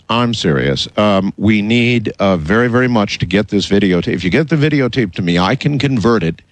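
A man hosting a call-in radio show, cutting in and pressing his caller in a halting, insistent way. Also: on the low side, dry recording. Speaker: radio host.

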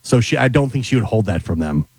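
A man's voice: mid-range voice, animated, fast talker, darkish tone, breathy edge, no room sound. Man, mid voice, easygoing co-host, dry sound. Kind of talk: casual chat.

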